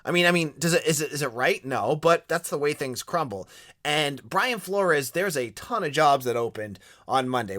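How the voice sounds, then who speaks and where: Animated Boston-accented sports podcast host. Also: male voice, mid-range voice, dry recording, clean studio sound. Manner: animated, opinionated, with restarts. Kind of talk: casual sports podcast commentary.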